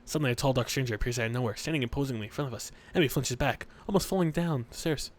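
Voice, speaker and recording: A man's voice: medium pitch, very fast. A young man playing a visual novel, reading the narration aloud and cracking profane jokes. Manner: joking, profane asides between narration. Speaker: let's play host.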